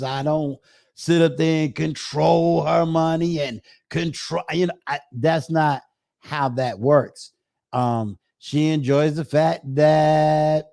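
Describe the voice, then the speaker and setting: A man's voice: fairly high pitch, mellow, dry recording, studio quality. A middle-aged man hosting a casual live-stream chat, drawing out his phrases with many fillers. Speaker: host.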